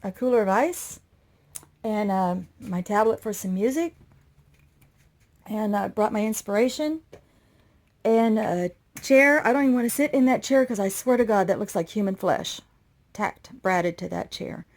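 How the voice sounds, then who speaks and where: A woman's voice: medium pitch, unhurried, pauses often, darkish tone. A woman giving a casual, rambling walkthrough vlog inside an old motorhome, sounding stressed and overwhelmed as she talks straight to her viewers. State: overwhelmed and anxious. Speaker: vlogger renovating an old RV.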